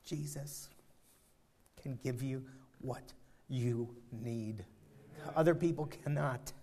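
A man preaching a sermon, swinging from quiet, slow reflection to loud, climbing exhortation, often repeating words as he builds. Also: medium pitch. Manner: repeats and restarts phrases while building intensity.

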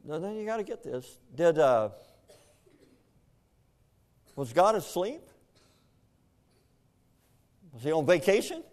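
An older male pastor delivering a sermon in a fervent, emotional voice. He surges into loud, pleading questions, then drops to a low, weary hush as he tells a family story. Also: big pitch swings, a little slow. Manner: emotional storytelling, swinging from shouted questions to hushed, heavy delivery.

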